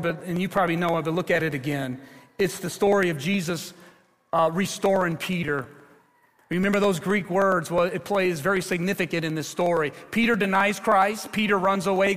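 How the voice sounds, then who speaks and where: Impassioned high-voiced male pastor preaching. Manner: impassioned preaching, rising louder at climaxes. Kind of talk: sermon. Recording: long hall reverb.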